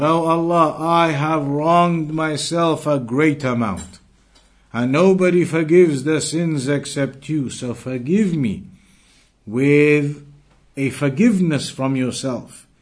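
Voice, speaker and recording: A man teaching an Islamic lesson who recites Arabic passages quickly and then explains them patiently, repeating and rewording phrases. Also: on the high side. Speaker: religious teacher.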